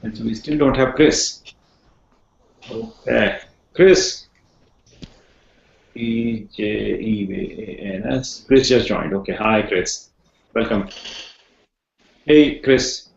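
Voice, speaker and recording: A man's voice: lowish voice, slow, creaky, long pauses. A man teaching an online class on a video call, rambling a little, repeating words and asking his students questions. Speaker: instructor. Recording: echoey, muffled video call audio.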